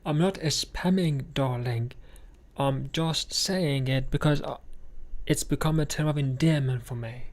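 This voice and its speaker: A man's voice: mid-range voice, a little slow. A tired, sleepy man chatting casually with his viewers, rambling and slipping into whispers, and calling everyone darling. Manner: drowsy, rambling, often drops to a whisper; keeps calling people darling. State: sleepy and tired after surgery. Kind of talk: casual chat.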